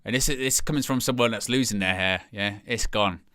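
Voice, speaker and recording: A young man hosts a fan watch-along, giving live commentary on a football match in a bright, crisp, smooth voice recorded dry and close with no room sound. At a moderate pace he rambles through quiet, casual asides, then erupts into loud, high shouts whenever a chance comes.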